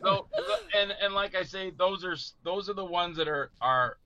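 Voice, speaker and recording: A middle-aged man telling stories in casual chat, animated and acting out voices he quotes. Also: high-pitched, normal speed, highs cut off, a crowd in the background. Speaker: guest actor telling stories.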